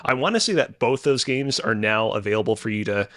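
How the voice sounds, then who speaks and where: A man's voice: on the low side, lively intonation, fairly quick, a bit bright, no room sound, clean studio sound. A man co-hosting a casual gaming podcast, rambling and hedging with lots of fillers. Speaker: podcast co-host.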